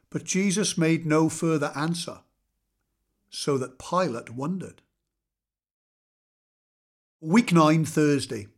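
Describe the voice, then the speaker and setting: A man reading scripture aloud in a measured, solemn way, slowing for weight. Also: a little high. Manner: measured, solemn reading with slow dramatic pauses. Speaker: scripture reader.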